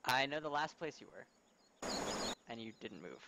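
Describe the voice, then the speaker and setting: A man's voice: medium pitch, big pitch swings, normal speed. A man playing a tabletop game over a voice call, rambling in a casual way with lots of fillers. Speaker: player. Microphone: online voice call. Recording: dull noisy voice-call audio.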